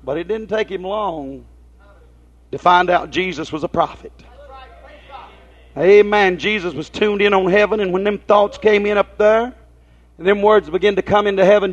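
A man preaching a folksy sermon, telling homespun stories and asking his listeners rhetorical questions. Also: high voice. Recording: dull lo-fi recording.

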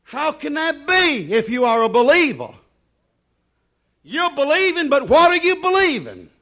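A man preaching a sermon in an emphatic, repetitive cadence, dropping to hushed asides and rising to shouted declarations. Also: very high-pitched, wildly swooping pitch, unhurried.

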